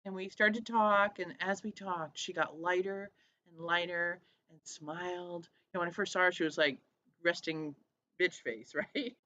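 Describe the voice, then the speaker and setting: A woman's voice: lowish voice, steady tone, normal speed, sharp tone. A woman hosting a casual diary vlog, chatty, laughing often and acting out what people said. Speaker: vlog host.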